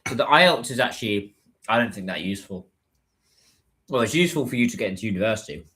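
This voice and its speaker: A man's voice: on the low side, lively intonation, fast talker, pushed and bright. A British man chatting casually on a phone livestream, reading out and answering viewer comments.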